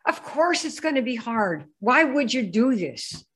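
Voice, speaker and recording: A woman's voice: on the high side, very animated, unhurried, a bit bright, slightly rough. A woman giving a live business training presentation. She keeps firing rhetorical questions at her listeners and pushing them to answer. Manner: rhetorical, quizzes the audience.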